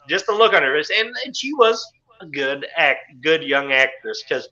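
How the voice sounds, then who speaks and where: A man with a very bright, forceful voice pitched a little high co-hosts a casual podcast. He talks crudely and swears freely, and he gets animated when he jokes around. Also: normal speed, dull audio. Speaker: podcast co-host. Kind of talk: casual chat.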